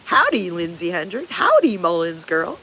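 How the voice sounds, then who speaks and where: A woman's voice: on the low side, big pitch swings, moderate pace, bright, forceful tone, a little hiss or hum. An older woman hosting a casual livestream, greeting viewers and answering their comments in a blunt manner, swearing freely and chuckling often. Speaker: livestream host.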